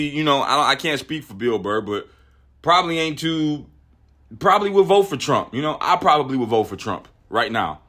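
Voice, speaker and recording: A man's voice: on the high side, pushed and bright. A man hosting a podcast, giving opinionated political commentary in a profane, ranting way, often stumbling and repeating words. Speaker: podcast host.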